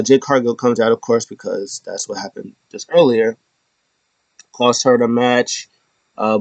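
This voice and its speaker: A man casually recapping wrestling shows, rambling with lots of fillers and jumping into high, squealing impressions when he quotes people. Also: no room sound, highs cut off. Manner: loose and rambling, many fillers, acts out quotes with sudden high-pitched squeals. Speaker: wrestling show host.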